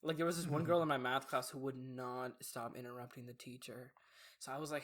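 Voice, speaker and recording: A young man co-hosting a casual podcast chat, relaxed and laid-back, telling school stories in slang. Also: mid-range voice, fast. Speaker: podcast co-host.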